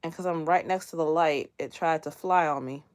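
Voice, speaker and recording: This is a woman with a drawl, livestreaming from her bedroom to her viewers. Her voice sits a touch low. She talks in a loose, chatty way, often breaks into laughter and drives her stories with lively energy. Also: fairly quick. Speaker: livestream host. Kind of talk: casual livestream chat. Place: bedroom near closet, indoors.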